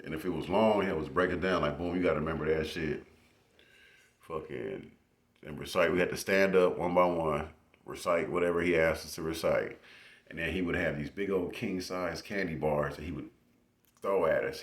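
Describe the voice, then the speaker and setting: A young man casually telling stories into his phone, swearing freely and laughing as he goes. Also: low-pitched. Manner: profane, laughing, animated retelling. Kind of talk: casual storytelling.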